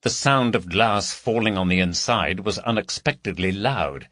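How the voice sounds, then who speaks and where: A man narrating a crime audiobook in a measured storytelling voice. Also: fairly low pitch, expressive, a bit bright, dry recording, clean studio sound. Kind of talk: scripted narration.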